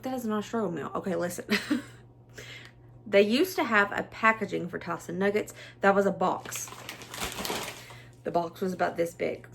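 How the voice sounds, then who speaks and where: A woman's voice: medium pitch, vocal fry, pushed and bright, a little hiss or hum. A middle-aged woman with a Southern US accent, chatting nostalgically through a casual home cooking vlog and laughing often. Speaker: cooking vlogger.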